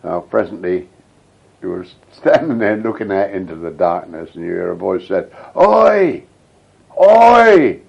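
An elderly man tells his stories in a wandering, reminiscing way, his deep voice heavily gravelly and husky. He is answering an interviewer's questions. The recording is dull and lo-fi, like an old tape. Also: normal speed. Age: older. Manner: rambling, reminiscing storyteller. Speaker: veteran interviewee. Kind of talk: oral history interview.

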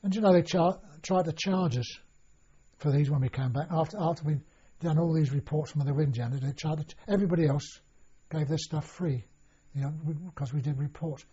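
A man's voice: fairly high pitch, a little fast, warm tone, husky. An older man recalling his past in an oral history interview, rambling with many restarts and fillers. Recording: dull lo-fi recording.

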